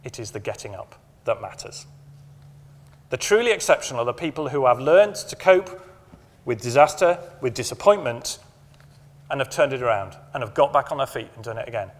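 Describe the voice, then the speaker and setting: A middle-aged man giving a motivational conference talk, emphatic, repeating key phrases and slowing down to stress them. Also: medium pitch, expressive. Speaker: conference speaker. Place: conference hall. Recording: long hall reverb from a conference room.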